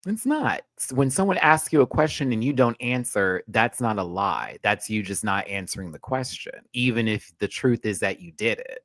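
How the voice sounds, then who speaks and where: A man hosting a live show review, ranting in an animated and profane way. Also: on the low side, moderate pace, few pauses, dry recording, studio quality. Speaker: host.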